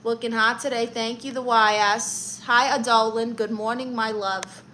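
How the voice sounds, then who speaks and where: A woman's voice: a little high, steady tone, moderate pace, bright, forceful tone, slight background noise, poor audio. Sassy New woman reading live chat. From Brooklyn, New York. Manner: sassy, teasing, calls viewers honey and darling. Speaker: livestream host playing an aunt character.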